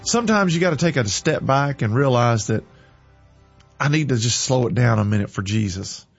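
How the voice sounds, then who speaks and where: Husky man preaching with fervor. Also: mid-range voice, lively intonation, moderate pace, faint music behind. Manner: impassioned, rising into sudden preaching bursts. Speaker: host of a worship music show. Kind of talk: fervent preacher-like talk. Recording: dull lo-fi recording.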